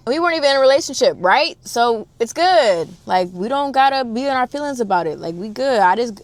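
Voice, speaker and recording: A young woman telling a personal story in casual chat. She is animated and slangy, talks straight to her listeners, and swings between loud exclamations and hushed low asides. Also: dry recording. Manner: addresses listeners directly, slangy and profane.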